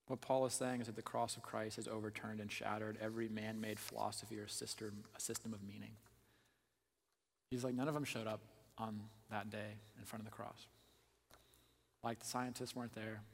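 A man preaching a sermon, asking the listeners direct questions and swinging between hushed asides and loud emphasis. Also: on the low side. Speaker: pastor. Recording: long hall reverb.

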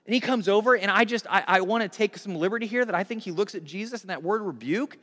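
High-voiced male preacher in an echoing hall. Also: quick pace, hardly any pauses. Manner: animated storytelling, addresses listeners directly. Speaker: pastor. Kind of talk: sermon. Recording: long hall reverb.

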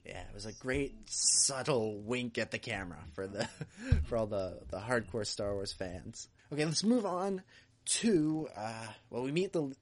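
A man's voice: mid-range voice, lively intonation, measured pace. Guy co-hosting a fan podcast, chatty, laughs a lot, trips over his words. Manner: chatty, laughs often, many restarts. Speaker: podcast co-host. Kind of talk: casual chat.

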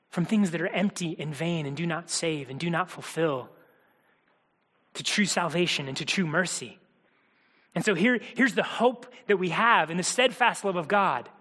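A man preaching a sermon, earnest, moving between hushed quiet passages and urgent, pressing ones. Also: high voice. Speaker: pastor. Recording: long hall reverb.

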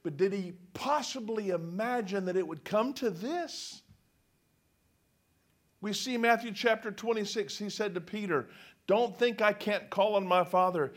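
High-voiced man preaching a sermon. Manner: dramatic, reads scripture aloud and acts out the quoted speakers. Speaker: pastor.

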